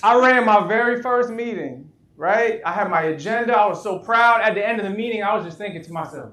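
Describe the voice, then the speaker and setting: A man's voice: high-pitched, lively intonation, quick pace, hardly any pauses, pushed and bright. A man giving a live workshop talk to an audience. He tells humorous stories, laughs often at his own jokes and asks the audience questions. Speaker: motivational speaker. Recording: echoey room.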